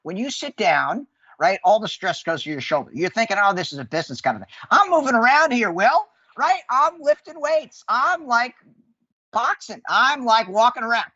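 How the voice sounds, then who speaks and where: A man coaching on sales calls with high energy, acting out phone greetings in quoted voices. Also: very animated, moderate pace, sharp tone, breathy edge, no room sound. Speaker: sales guest. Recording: dull lo-fi sound.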